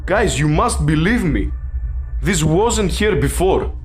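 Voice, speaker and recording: A man's voice: a little high, expressive, slow. Scared young man. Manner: frightened, swearing, bursts into shouting. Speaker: vlogger. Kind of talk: horror challenge vlog. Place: house at night.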